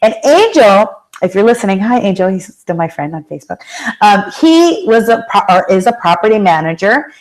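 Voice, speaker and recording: Woman, motivational speaker, storytelling, acts out voices, asks the audience questions, medium pitch. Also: sing-song, normal speed, darkish tone, poor audio. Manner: addresses the audience directly with questions. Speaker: motivational speaker and life coach. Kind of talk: motivational talk.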